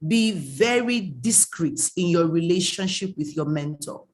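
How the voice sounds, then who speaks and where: A woman's voice: on the low side, animated, unhurried. A woman, giving an emphatic online coaching talk, scolding and repeating her warnings. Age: late 30s. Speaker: mentoring coach.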